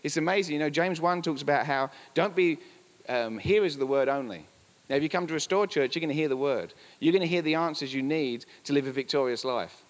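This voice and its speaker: A man preaches at a fast clip with a slightly raised pitch, hammering his points home by repeating them. His voice rings with the long reverb of a church hall. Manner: emphatic, repetitive preaching with asides. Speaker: pastor. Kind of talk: sermon.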